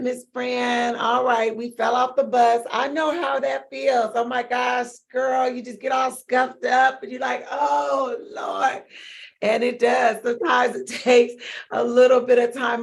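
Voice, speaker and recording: A woman hosting a live online wellness support group, encouraging viewers and reading out their chat messages with laughs and bursts of loud emphasis. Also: high voice, gravelly.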